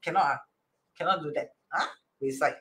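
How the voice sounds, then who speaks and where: Speaking at normal speed with a bright, forceful medium-pitched voice, a teacher interprets a divination chart in Singaporean English. Along the way come acted-out quotes, scattered Chinese and Hokkien terms, and regular "right?" check-ins.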